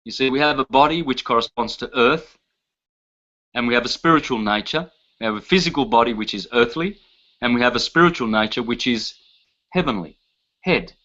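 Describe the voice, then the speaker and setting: A man gives a lecture with a bright, forceful edge, emphatic and insistent as he lists term after term and poses rhetorical questions. The sound is dull and lo-fi, like an old lecture tape. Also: mid-range voice, a little fast. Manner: emphatic, listing terms one by one, rhetorical questions. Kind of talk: lecture to a live audience.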